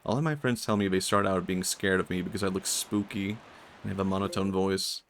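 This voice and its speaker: Swedish guy streaming, monotone low voice, kinda gravelly. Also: brisk, a little hiss or hum. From Sweden. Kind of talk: casual gaming commentary.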